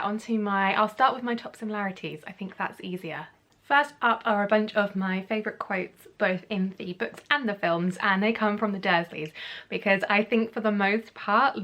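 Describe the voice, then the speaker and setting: This is a woman vlogging in a relaxed, chatty way. Her voice sits at an ordinary middle pitch. She rambles along with upbeat enthusiasm as she reviews for her audience. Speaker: YouTuber comparing books and films. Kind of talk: casual chatty vlog review.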